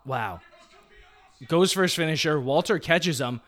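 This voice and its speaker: Excitable man calling wrestling play-by-play. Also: a little high, measured pace. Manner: excited, jumps into play-by-play commentary. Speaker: podcast co-host. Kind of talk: casual live-reaction chat.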